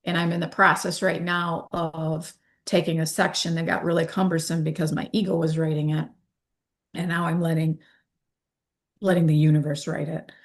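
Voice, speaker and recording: Animated woman in her fifties. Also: low voice, moderate pace. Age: 50s. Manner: animated, acts out quoted dialogue. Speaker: interview guest. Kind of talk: candid interview talk.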